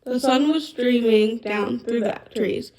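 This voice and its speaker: Female ASMR reader, soft and gentle storytelling, slightly high pitch. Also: slow pace, poor audio. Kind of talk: soft-spoken ASMR reading.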